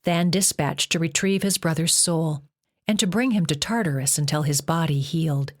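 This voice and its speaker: A woman narrating a novel as an audiobook in a measured reading. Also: deep voice. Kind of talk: scripted narration.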